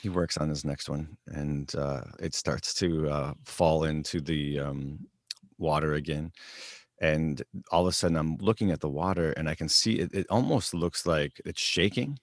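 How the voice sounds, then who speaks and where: A man in a casual chat, retelling a video game session in a laid-back, unhurried way, with many fillers. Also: extremely low pitch.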